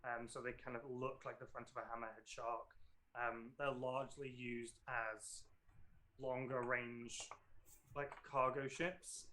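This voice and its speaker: Bright-voiced man hesitantly narrating as game master. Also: mid-range voice, flat delivery, measured pace, slight background noise, rough recording. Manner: hesitant, full of ums and self-corrections.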